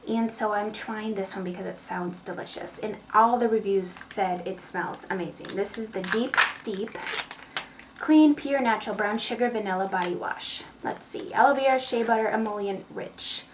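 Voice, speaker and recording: A woman's voice: mid-range voice, normal speed, background noise. A woman chatting casually through a product haul, rambling with fillers and small laughs. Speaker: beauty vlogger. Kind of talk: casual haul video chat.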